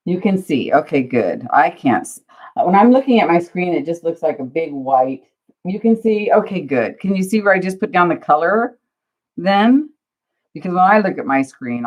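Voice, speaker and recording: A woman hosting a casual crafting livestream, flustered and self-deprecating, chatting to her viewers while she works. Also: deep voice. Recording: dull lo-fi livestream audio.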